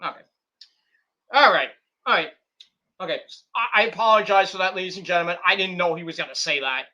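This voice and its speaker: A man hosts a casual wrestling talk stream, rambling and profane, full of "you know," fillers and restarts. His voice is high, brisk and bright with a forceful tone, and the recording is muffled.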